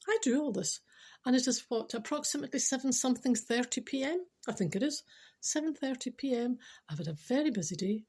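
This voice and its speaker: A woman's voice: high-pitched, very animated, fast talker, a little mellow, husky. A Scottish woman hosting a chatty podcast, teasing and speaking straight to her listeners, sometimes dropping to a whisper. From Scotland. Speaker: podcast host.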